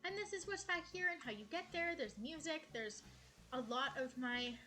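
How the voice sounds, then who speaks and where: A young woman gives a relaxed tour of her cozy game island, cooing affectionately at the characters. Her voice is bright and a little high, and soft game music plays underneath. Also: normal speed. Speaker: gaming streamer. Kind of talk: casual game tour vlog. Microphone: headset.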